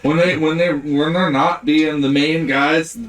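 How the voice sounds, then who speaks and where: A man's voice: on the high side, fairly even intonation, unhurried. Jokey man on an echoey, distant mic. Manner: jokey, hyping things up. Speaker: podcast co-host. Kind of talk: casual chat. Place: studio.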